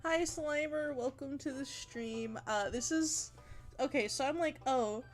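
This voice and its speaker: A woman chatting casually on a livestream while she draws, gushing and giggling, with bursts of excitement and casual swearing. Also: high-pitched, measured pace, faint music behind. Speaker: art streamer.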